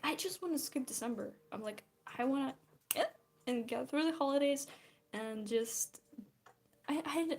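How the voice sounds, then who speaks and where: A woman's voice: medium pitch, a little mellow. A tired young woman from Belarus, rambling and giggling as she chats casually while drawing. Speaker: streamer.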